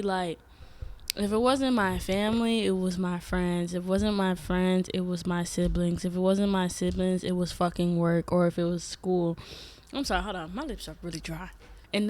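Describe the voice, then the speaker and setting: A young woman talking casually and emotionally to her viewers at home, swearing often and jumping high in pitch when upset. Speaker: vlogger. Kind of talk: casual reflective chat to camera. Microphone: desk microphone.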